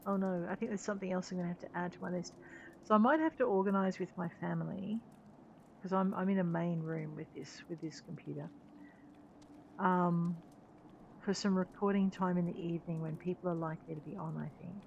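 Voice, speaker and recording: A woman's voice: lowish voice, steady tone, a little fast, gravelly, darkish tone, slight background noise. A woman giving casual, chatty commentary while she plays a game, joking at her own expense. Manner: chatty, self-deprecating, laughing. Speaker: gameplay streamer. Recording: dull lo-fi sound.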